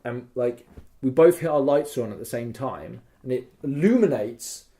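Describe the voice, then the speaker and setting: Excitable man telling a roleplay story. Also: mid-range voice, moderate pace. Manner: excitable, swears freely, mimics gunshots. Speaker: podcast co-host. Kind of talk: animated storytelling of a live roleplay event.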